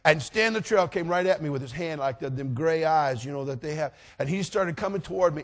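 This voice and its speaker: A middle-aged man preaching, telling a story and acting out voices with animated delivery. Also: on the high side, brisk, few pauses. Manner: animated, acts out voices in anecdotes. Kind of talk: sermon storytelling.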